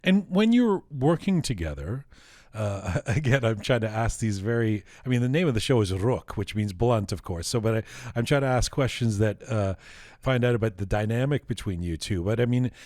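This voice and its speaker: A man's voice: lowish voice, lively intonation, normal speed, darkish tone, dry recording. Playful man host, dry close sound. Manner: playful, probing, laughs easily. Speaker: interview host. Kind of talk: casual interview.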